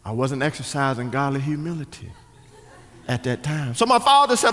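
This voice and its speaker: A man, preaching an animated storytelling sermon to his congregation. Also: high-pitched, fairly quick. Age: 40s. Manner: animated, acts out quotes, speaks to the crowd. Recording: hall reverb.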